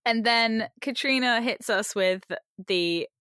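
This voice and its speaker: A woman's voice: fairly high pitch, takes it slowly, bright, forceful tone, clean tone, no room sound, studio quality. A woman co-hosting a casual chat show, talking loosely with lots of "like" and frequent laughter. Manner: chatty, lots of "like", laughs often. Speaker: podcast co-host.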